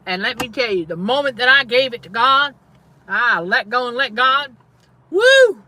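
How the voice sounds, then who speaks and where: Emphatic woman testifying in a bright voice. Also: a little high, normal speed, no echo. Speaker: faith-based trauma coach and channel host. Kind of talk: casual livestream preaching.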